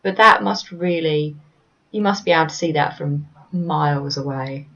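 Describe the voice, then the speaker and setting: A woman's voice: low-pitched, steady tone, normal speed, a bit bright, muffled recording. A woman co-hosting a podcast, casually recapping a manga chapter panel by panel and reading character lines aloud, sometimes stumbling over words. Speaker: podcast co-host.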